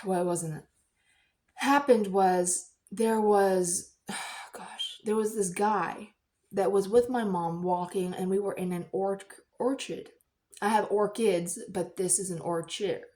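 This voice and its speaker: Animated woman telling a story. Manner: animated, acts out quoted voices in high squeals. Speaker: vlogger. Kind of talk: casual storytelling.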